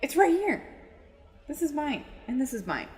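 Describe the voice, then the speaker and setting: A woman talks bluntly and teases her friends, cursing casually. Her pitch moves around a lot. A long hall reverb trails behind her voice. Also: big pitch swings, normal speed, a little mellow. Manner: blunt, teasing, swears freely. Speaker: podcast co-host. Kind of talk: casual chat.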